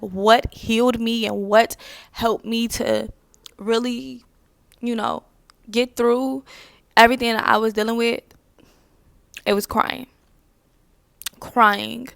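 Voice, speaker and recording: A young woman talking softly and openly about healing to her viewers, confiding and full of fillers. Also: a little high, gravelly, no room sound, studio quality. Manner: soft-spoken, confiding, many "like" and "you know" fillers. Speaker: spiritual vlogger. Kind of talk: heartfelt personal talk to camera.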